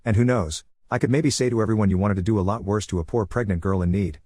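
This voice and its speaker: Bossy middle-aged mother , read by a man, low and commanding, fast delivery. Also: a little mellow, no room sound, clean studio sound, close to an everyday voice. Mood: scheming. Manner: commanding, demanding.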